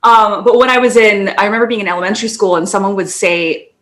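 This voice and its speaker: A woman's voice: mid-range voice, quick pace, fairly bright tone. Chatty, rambling young woman podcaster. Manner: rambling, laughs often, trails off mid-sentence. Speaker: podcast co-host. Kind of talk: casual chat.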